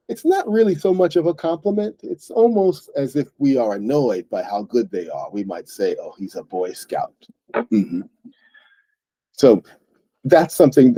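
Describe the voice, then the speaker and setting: Man teaching English, lively voice. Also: mid-range voice, no echo. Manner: explains slowly and plainly, checks in with "right?". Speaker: English teacher, book club host. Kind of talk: English lesson for learners.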